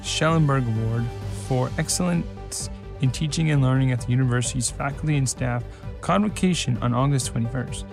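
A man reads a radio news bulletin in a steady, formal manner, his pitch sitting in an ordinary middle range. A music bed plays clearly underneath his voice. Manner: measured, formal delivery. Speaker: news reader. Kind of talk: scripted radio news read.

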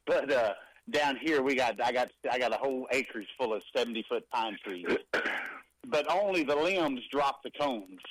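A man speaks as a guest on a call-in ministry broadcast. He sounds excited and folksy and stumbles over his words now and then. His voice sits at a middling pitch with a dry sound. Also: moderate pace, no echo, rough recording. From East Texas.

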